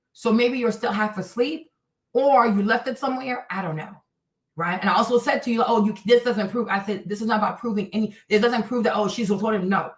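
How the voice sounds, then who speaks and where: A woman's voice: a little high, brisk, echoey room, distant mic, rough recording. A woman livestreaming commentary, reading and answering her chat in a blunt, scolding way, repeating her points.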